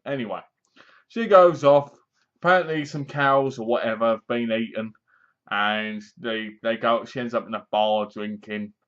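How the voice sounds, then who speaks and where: A man's voice: medium pitch, normal speed, a bit bright. A man with an English accent giving a casual, rambling movie review that sounds sarcastic. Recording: dull lo-fi recording.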